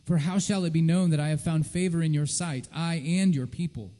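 Man, scripture reading, solemn and measured, slightly high voice, reverberant church hall. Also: mellow. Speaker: scripture reader. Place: church sanctuary.

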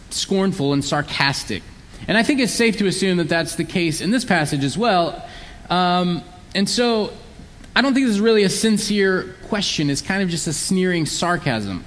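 A man's voice: high-pitched, animated, moderate pace, fairly bright tone. A man preaching a sermon, explaining scripture earnestly and sometimes acting out sarcastic voices. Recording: long hall reverb.

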